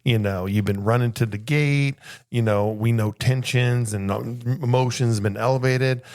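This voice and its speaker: An older man with a mid-range voice talks animatedly in casual chat, full of filler likes. His pitch leaps up as he gets going. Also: moderate pace. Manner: lively, mimics passengers with pitch jumps, many filler likes. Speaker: podcast co-host, flight attendant.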